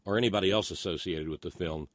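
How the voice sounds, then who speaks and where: A live stream host delivers a casual, opinionated, rambling monologue at a quick pace, reading out chat messages as he goes. His voice is fairly low, and he often stammers and restarts. The recording is dry and close, with no room sound.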